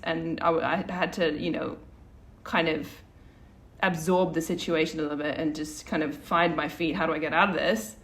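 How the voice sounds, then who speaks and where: A woman's voice: deep voice, steady tone, normal speed, a bit bright. A woman co-hosting a podcast, telling a personal story in a rambling, casual way with lots of restarts and fillers. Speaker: podcast co-host.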